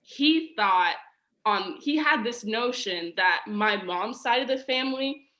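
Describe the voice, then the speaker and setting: A young adult woman, a podcast guest, telling a personal story in casual chat, animated and peppered with "like". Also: on the high side, slow pace. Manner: animated, says "like" a lot, acts out quoted voices.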